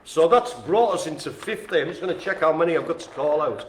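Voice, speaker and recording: Jokey bingo caller in an echoey room. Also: male voice, a little high, quick pace, heavy background noise. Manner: jokey, animated, chatty with the room. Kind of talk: live-streamed bingo calling. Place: indoor care home lounge.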